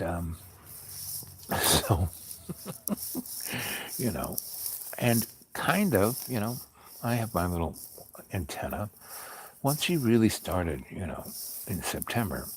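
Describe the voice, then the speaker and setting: A man host telling a personal story in a calm, wry, rambling way with many fillers. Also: sits low, slight background noise. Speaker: podcast host.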